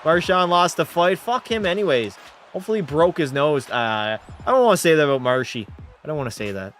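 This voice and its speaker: A man's voice: fairly high pitch, lively intonation, brisk, a bit bright. Rowdy, tipsy young man streaming a game. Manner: rowdy, profane, mock play-by-play, reads chat aloud. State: tipsy from a few drinks. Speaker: gaming streamer. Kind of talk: live-stream commentary.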